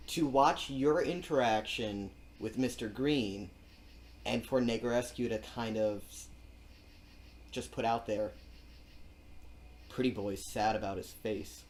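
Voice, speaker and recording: A man at a tabletop game speaking in a slow, deadpan way. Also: medium pitch, slight background noise. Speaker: player. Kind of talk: tabletop role-play chat.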